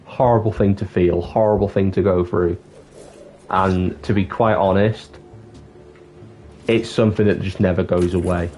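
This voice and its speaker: A man's voice: low-pitched, fairly even intonation, moderate pace, pauses often, dark tone, a little hiss or hum. A man chatting candidly on a livestream, rambling and swearing now and then. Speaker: live streamer. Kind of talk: casual livestream chat. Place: dark room with the light off. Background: music.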